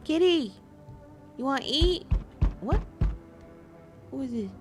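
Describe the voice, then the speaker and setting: A woman giving casual gameplay commentary, animated and chatting straight to her viewers with quick exclamations. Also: high-pitched, music in the background. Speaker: gaming video creator.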